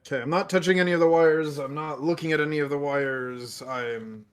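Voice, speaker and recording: A man's voice: on the high side, fairly quick, clean tone. A man running a tabletop game on a stream, chatting casually with dry sarcastic jokes and frequent laughter, speaking into a computer mic. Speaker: game master. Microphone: computer mic on a video stream.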